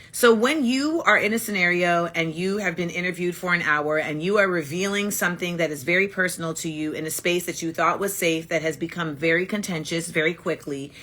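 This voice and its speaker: Blunt, bright-voiced woman ranting on a livestream. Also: fairly low pitch. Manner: blunt and emphatic, repeats points. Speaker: livestream host. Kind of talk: casual livestream monologue. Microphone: phone.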